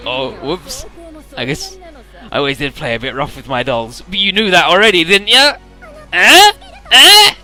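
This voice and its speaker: A man's voice: high-pitched, very animated, moderate pace, pushed and bright, soft background music, pitched above the performer's own voice, full character voice. A man voicing a giggly, deranged male villain, taunting in a sing-song voice that rises to shrieks. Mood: sing-song gloating.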